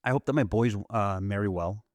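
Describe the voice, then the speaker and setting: A man's voice: fairly low pitch, a little fast, dry recording, studio quality. A middle-aged man hosting a podcast, talking in an earnest, reflective casual chat about hope and faith. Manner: earnest, reflective, quotes others in lively retellings. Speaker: podcast host.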